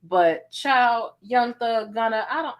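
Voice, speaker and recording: A woman's voice: fairly high pitch, takes it slowly, lo-fi sound. A woman hosting a livestream, talking bluntly and feistily with plenty of cursing. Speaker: host. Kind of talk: casual livestream commentary.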